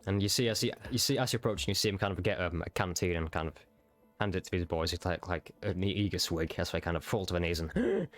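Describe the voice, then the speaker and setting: A man's voice: low-pitched, quick pace. A man running a tabletop game as game master, narrating in a loose, rambling way. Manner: rambling, full of fillers.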